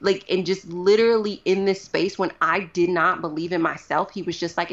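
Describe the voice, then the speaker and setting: A woman speaking as a guest in a casual interview, animated and full of "like" fillers. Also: fairly low pitch, moderate pace, hardly any pauses, dull audio. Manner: animated, uses many fillers like "like".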